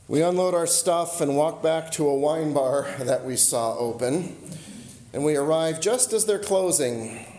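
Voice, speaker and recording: A male pastor delivers a storytelling sermon in an ordinary mid-range voice. He slows and drops his voice to land each key line. The sound carries a roomy echo. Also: mid-range voice, mellow.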